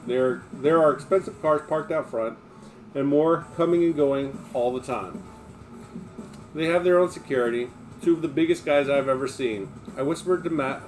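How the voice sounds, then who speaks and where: A man's voice: on the high side, a little mellow. Man reading aloud, blunt and profane. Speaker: streamer reading a memoir aloud. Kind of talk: reading a book aloud on a livestream.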